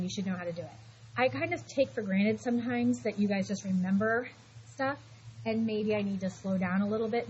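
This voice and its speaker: A woman's voice: mid-range voice, a little mellow. A middle-aged woman teaching math in a classroom, patient and reassuring, stopping to talk students through every step. The recording is a little dull, with a faint hiss underneath. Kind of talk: classroom lecture.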